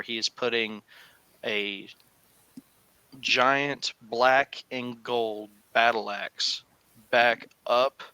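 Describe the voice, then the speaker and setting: A man's voice: mid-range voice, smooth, no room sound. A man running a tabletop game as game master, narrating scenes with lots of fillers. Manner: animated storytelling with frequent fillers.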